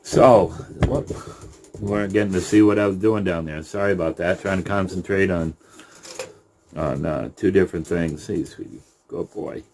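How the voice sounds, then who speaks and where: A middle-aged man, a rabbit breeder, giving a casual video update in an unhurried, halting way, now and then softly cooing to his animals. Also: low voice, fairly even intonation, a little hiss or hum.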